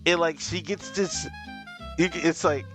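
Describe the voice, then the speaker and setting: A man casually recapping and reviewing a show, chatty and excitable, peppering his talk with "like". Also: a little high, measured pace. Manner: excitable, chatty, heavy use of "like". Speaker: video reviewer. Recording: voice over background music. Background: music.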